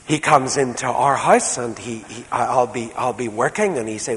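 A man preaching a sermon as a storyteller, moving between soft, quiet passages and loud, emphatic ones. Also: medium pitch, normal speed. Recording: reverberant hall, faint background noise.

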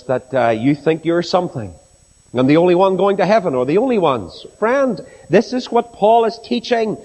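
A man's voice: sits high, a little mellow. Northern irish preacher guy, middle-aged, swoops up and down a lot, big reverb church sound. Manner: impassioned, rhetorical, mimics objectors. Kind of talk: sermon.

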